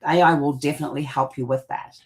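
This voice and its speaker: A woman's voice: deep voice, fairly even intonation, fast. A woman co-hosting a casual talk show, explaining at length with plenty of fillers and restarts. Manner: rambling, with many fillers and restarts. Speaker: co-host.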